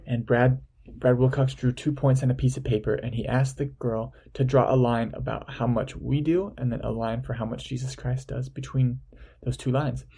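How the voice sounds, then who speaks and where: Man, church speaker, earnest and explanatory, husky dark voice. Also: medium pitch, fairly even intonation, normal speed. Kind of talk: reading a parable, then a sermon talk.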